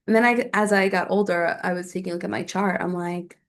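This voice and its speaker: A woman's voice: lowish voice, lively intonation, fast, vocal fry, few pauses. A young adult woman hosting a solo astrology podcast, chatting casually and thinking aloud with lots of fillers.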